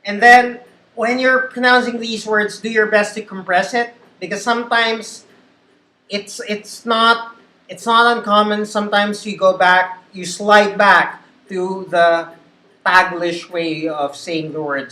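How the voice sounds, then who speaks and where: A woman, a call center trainer, leading a pronunciation drill and reading words one by one, slowly and deliberately. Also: medium pitch, fairly even intonation, pushed and bright. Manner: slow, deliberate word-by-word reading. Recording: echoey room.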